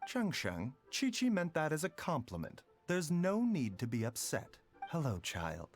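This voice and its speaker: A man voicing a calm, courteous doctor in a video game, overly polite in a way that sounds sarcastic. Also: a little high, measured pace, soft background music, heavily acted.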